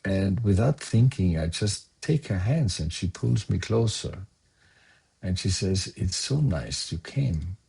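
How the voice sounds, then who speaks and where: An older man, slowly recounting a personal memory in a soft-spoken storytelling manner. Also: low-pitched, lively intonation, creaky, husky. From Austria. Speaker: guest sharing memories. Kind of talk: personal recollection.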